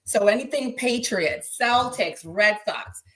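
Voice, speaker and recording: A young woman hosts a casual sports podcast, talking straight to her live chat. She is excitable and blunt, swears freely, and her voice sits a little high. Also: slow pace, low-quality recording. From Boston. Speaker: podcast host.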